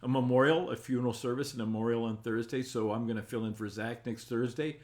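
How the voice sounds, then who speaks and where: A man's voice: mid-range voice, steady tone, fast, darkish tone. An older man hosting a casual live-stream talk show, reading viewer comments aloud and answering in a folksy, rambling way.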